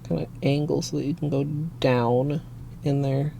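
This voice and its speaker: A woman from Minnesota with a Minnesotan accent, chatting softly and rambling to her livestream chat. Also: a bass voice, steady tone, moderate pace, creaky, slight background noise. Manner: soft-spoken and rambling, talking to chat. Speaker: nail art streamer.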